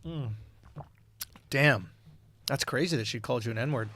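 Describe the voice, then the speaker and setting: A man co-hosting a comedy podcast, riffing provocatively and building up to loud rants. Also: mid-range voice, measured pace. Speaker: podcast co-host. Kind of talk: comedic casual chat. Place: podcast studio.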